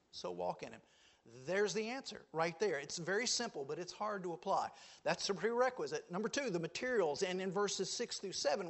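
A man preaching a sermon, quoting scripture with emphatic swings between loud declarations and hushed lines. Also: high-pitched.

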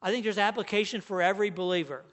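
A man's voice: high voice, fast talker, a bit bright. A man preaching a sermon as pastor, earnest and emphatic, leaning hard on the key words.

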